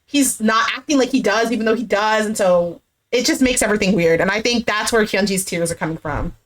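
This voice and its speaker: A woman's voice: medium pitch, a little fast. A woman chatting casually as she recaps a reality dating show, acting out what people said and swearing now and then.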